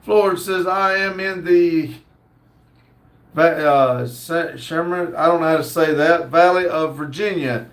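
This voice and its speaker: Guy hosting a livestream, kinda high voice, reads chat comments slow with lots of uh's. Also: fairly bright tone. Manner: slow, halting reading with fillers. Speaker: livestream host. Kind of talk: casual livestream chat, reading viewer comments.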